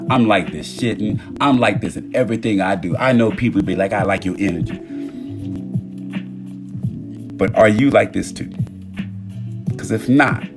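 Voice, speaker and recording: A man with a lowish voice talks on a phone live stream, animated and profane, jumping from loud bursts to quiet murmurs. Music plays clearly behind him throughout. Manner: casual and profane. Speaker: TikTok live host. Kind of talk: casual motivational monologue.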